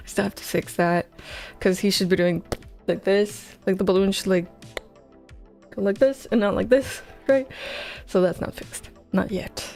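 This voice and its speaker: A woman's voice: medium pitch, slow pace, long pauses, a little mellow, faint music behind. A woman livestreaming her game coding, chatting in a scattered, self-mocking way and sounding tired, close on a headset mic. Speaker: game dev streamer. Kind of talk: casual livestream chat.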